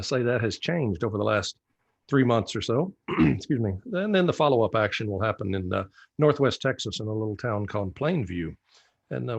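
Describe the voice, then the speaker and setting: A man who writes novels, talking as a podcast guest in a measured way with many fillers. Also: on the low side, breathy edge, dull audio. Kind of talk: casual podcast chat.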